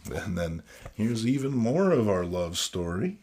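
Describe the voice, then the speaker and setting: A man's voice: fairly low pitch, sing-song, measured pace, a little mellow, husky. A man hosting a casual, jokey review of old comics, full of sardonic asides and "you know what I mean.". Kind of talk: casual comedic commentary.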